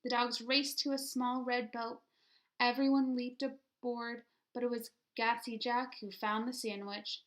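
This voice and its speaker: A woman teacher reads a children's picture book aloud with lots of expression. Her voice sits a little high, and she pauses to ask her young listeners what will happen next. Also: little pitch movement, fairly bright tone.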